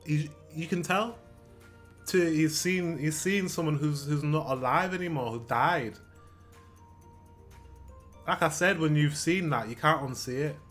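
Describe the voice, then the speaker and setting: A man's voice: on the high side, a little slow, pauses often, fairly bright tone, faint music behind. A British man hosting a reaction video, talking earnestly and repeating himself when he gets emotional. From Britain. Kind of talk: casual reaction commentary.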